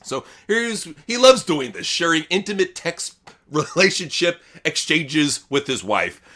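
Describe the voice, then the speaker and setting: A man's voice: on the high side, sing-song, unhurried, pushed and bright. A man co-hosting a wrestling news podcast, swearing freely and mocking the people he reads quotes from. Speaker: podcast co-host. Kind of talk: crude casual news chat.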